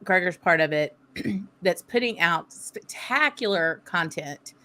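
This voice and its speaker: A woman's voice: fairly low pitch, lively intonation, slow pace, pushed and bright. A woman with a Southern American accent hosting a casual whisky tasting chat, thinking aloud and laughing often. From southern United States. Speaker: host.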